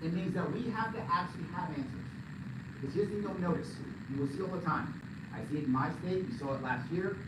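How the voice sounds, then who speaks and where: Man, political speech, emphatic, jokey, echoey hall, distant mic, loud background noise. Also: on the high side, fast. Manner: animated, joking, emphatic. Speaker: political commentator giving a speech. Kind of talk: live speech to an audience. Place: large event hall.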